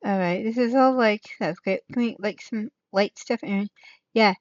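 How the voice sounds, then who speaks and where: A woman's voice: medium pitch, moderate pace, darkish tone, no room sound. A woman hosting her own stream in a loose, rambling chat. She thinks aloud, drifts off mid-thought and circles back. Her voice sits in a middle register, and the sound is dry and a little muffled. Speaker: channel host. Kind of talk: rambling casual livestream chat.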